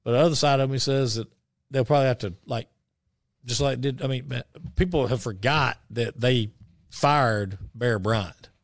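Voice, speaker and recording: A man co-hosting a radio show, chatting casually about sports and rambling through many halting restarts. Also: mid-range voice, dry recording, clean studio sound.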